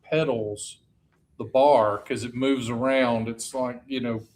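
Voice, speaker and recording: A man's voice: mid-range voice, steady tone, slow, a little mellow. A man with a New York accent, cracking jokes in a casual group chat. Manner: wisecracking, joking asides.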